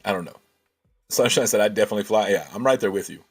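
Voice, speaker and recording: A man's voice: lowish voice, fast talker, husky, soft background music. A man hosting a casual livestream, thinking aloud and answering chat with many restarts.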